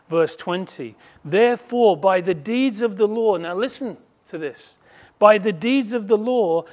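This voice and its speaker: Male preacher, high-pitched and unhurried; emphatic sermon delivery with hushed asides. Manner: emphatic, swings between loud declaring and quiet asides; slow, measured delivery with quoted voices acted out.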